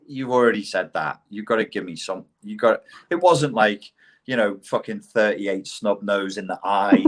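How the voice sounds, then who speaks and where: Low-voiced posh English man. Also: moderate pace, slight background noise. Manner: blunt and profane, animated storytelling. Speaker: podcast guest. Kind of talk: casual conversation.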